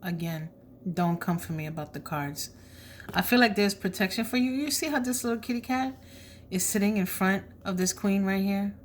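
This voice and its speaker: A woman's voice: mid-range voice, normal speed, a little hiss or hum. A woman giving a casual tarot reading, blunt and chatty, with slang asides. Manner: drops to a soft whisper when asking spirit. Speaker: tarot reader.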